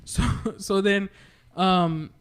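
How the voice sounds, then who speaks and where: A man's voice: sits high, fairly even intonation, very slow, clean tone. A man, a podcast guest, telling profane stories in casual chat and laughing through them. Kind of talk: casual storytelling.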